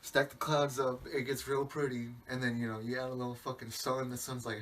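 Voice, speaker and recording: A man's voice: mid-range voice, flat delivery, brisk, fairly bright tone. A male podcast host in a rambling comic monologue, profane and meandering, breaking off his own sentences. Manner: profane, meandering, self-interrupting. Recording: distant mic, faint background hiss.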